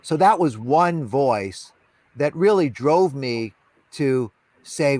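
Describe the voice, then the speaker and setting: A man's voice: medium pitch, animated, slow pace, a little mellow, dry recording. A man talking as a podcast guest, telling candid stories with emphasis, repeating phrases and filling with "you know" and "right". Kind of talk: candid conversational storytelling.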